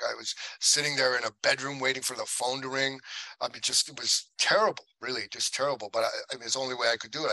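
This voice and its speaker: A man's voice: mid-range voice, dry recording, rough recording. A man, an actor guest in a podcast interview, telling anecdotes casually and acting out the people he quotes. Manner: animated anecdotes, acts out quoted voices.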